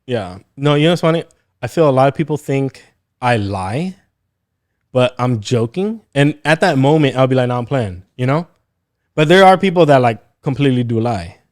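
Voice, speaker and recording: A man's voice: mid-range voice, animated, normal speed. A man co-hosting a casual podcast, talking bluntly and jokingly and acting out quotes. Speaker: podcast co-host.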